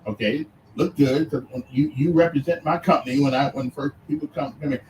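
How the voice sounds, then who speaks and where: A man hosting a radio show, challenging his guest with halting, repeated phrases in a lively debate. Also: a little high, a little hiss or hum. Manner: animated, halting and repetitive, challenging. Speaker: radio host. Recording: roomy distant sound with faint ambience.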